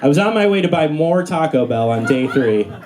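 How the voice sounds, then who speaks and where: A young man performing a stand-up comedy set on a club stage. His storytelling is animated, and he jumps into high, squeaky voices for the characters he acts out. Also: fairly quick, a crowd in the background. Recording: live audience laughter throughout.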